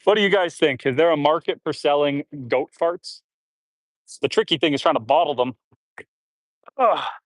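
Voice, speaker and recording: A man's voice: a little high, moderate pace, long pauses, no echo. A man from Canada chatting live with viewers while shoveling manure on his farm outdoors, grunting and sighing between loads and slightly out of breath. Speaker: homestead livestreamer. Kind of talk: casual live chat reading comments while working. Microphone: phone.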